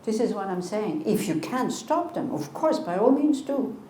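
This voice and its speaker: A woman in her sixties, a Buddhist teacher, gives a conversational dharma talk and fields questions, adding earnest rhetorical asides. Her medium-pitched voice is animated and mellow at a moderate pace. The room is echoey with faint noise.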